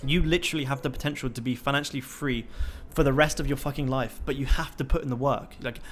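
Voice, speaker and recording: A man's voice: medium pitch, fairly even intonation, quick pace, faint music behind. A young man hosting a trading livestream, talking casually and swearing constantly in a pumped-up, motivational way.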